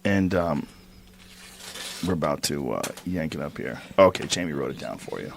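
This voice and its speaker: A man hosting a podcast, asking questions in a relaxed, conversational way. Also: very deep voice, moderate pace, gravelly, a little hiss or hum. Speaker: podcast host. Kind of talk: casual interview talk.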